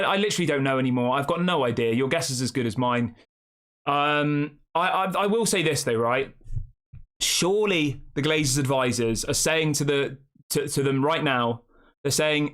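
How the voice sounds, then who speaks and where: A man's voice: a little high, normal speed, fairly bright tone. A man hosting a fan channel live stream, rambling casually and reacting to the chat with rhetorical questions.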